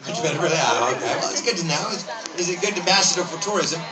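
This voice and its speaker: A man's voice: on the high side, lively intonation, very fast, music in the background. A man performing as a stage hypnotist in a live comedy show, with a playful, teasing manner, heard from the audience. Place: outdoor fair stage. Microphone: audience camera from a distance. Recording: distant echoey outdoor crowd recording. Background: loud crowd.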